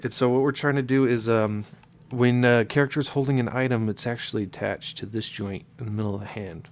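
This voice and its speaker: Briskly and with fairly even intonation, a congested man in a mid-range voice explains a modding tutorial, with slight background noise behind him. It's a casual screen recording, and his delivery is loose, sprinkled with fillers and self-corrections.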